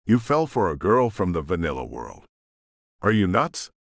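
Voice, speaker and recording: A man's voice: sits low, very animated, normal speed, gravelly, dry recording, clean studio sound, heavily acted. A man voicing a curt, paranoid hacker. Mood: accusing. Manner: clipped, dismissive. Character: paranoid, distrustful male hacker partner, curt. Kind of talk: audiobook character voice.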